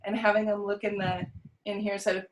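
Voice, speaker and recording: A woman with a Californian accent talks through her choir rehearsal methods on a video call. Her pitch sits in a middle range, and she pauses often to think, restarting phrases as she goes. A faint hiss sits under her voice. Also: level tone, low-quality recording. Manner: thoughtful, with frequent ums and restarts. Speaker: choir director.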